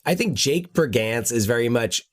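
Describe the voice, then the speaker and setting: A man hosting a podcast in relaxed conversation. He works through his points aloud, often restarting his sentences. His voice sits at an ordinary middle pitch. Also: moderate pace. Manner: thinking aloud with frequent restarts. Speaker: podcast host. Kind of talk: casual chat.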